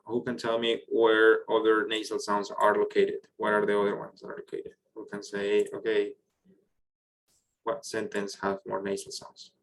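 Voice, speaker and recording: A man leads a French pronunciation class, his voice sitting a little low. He explains patiently, stopping and restarting with plenty of fillers, and a faint hum of background noise runs under him. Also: poor audio. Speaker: French teacher. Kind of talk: online class lesson.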